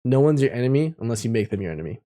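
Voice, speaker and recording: A man's voice: medium pitch, sing-song, rapid-fire, dark tone. A man live-streaming casually, reading chat messages aloud and drawing tarot cards, reflective and encouraging, laughing often.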